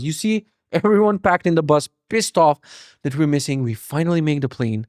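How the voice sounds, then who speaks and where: A fairly high-voiced man rants through a story in a bone-dry close recording. He swears freely, laughs at himself, and swings his voice up and down as the tale builds. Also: normal speed, no room sound. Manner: animated, profane, self-mocking. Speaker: podcast host. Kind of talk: casual storytelling rant.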